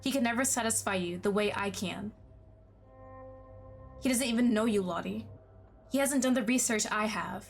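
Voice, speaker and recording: A woman voicing an obsessive, possessive young man in a game, pleading and then turning menacing, her line endings sinking low and hushed. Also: moderate pace, gravelly, pauses often, soft background music, lightly acted. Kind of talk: game dialogue read aloud.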